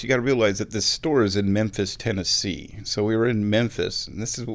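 A man in his thirties from Omaha, telling a rambling, animated story in a casual monologue, chuckling now and then and bringing quoted people to life. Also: fairly low pitch. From Omaha, Nebraska.

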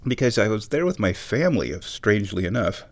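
A man's voice: lowish voice, a little fast. Rambling man telling a casual story. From Omaha, Nebraska. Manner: rambling, chuckling, animated quoted voices.

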